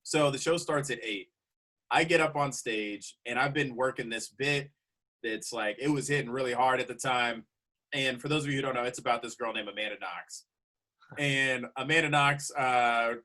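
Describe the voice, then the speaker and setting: A man, a comedian guest, telling a road story in a casual, animated way with frequent laughs. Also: medium pitch, normal speed.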